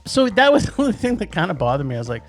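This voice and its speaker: Animated rambling male podcast host. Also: high-pitched, rapid-fire, soft background music. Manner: animated, rambling with restarts and laughs. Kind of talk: casual movie review chat.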